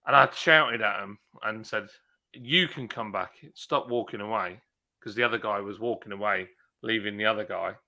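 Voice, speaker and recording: Bright-voiced man telling stories. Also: fairly low pitch, moderate pace, creaky. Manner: animated storyteller, acts out shouting. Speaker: streamer host. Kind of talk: casual chat.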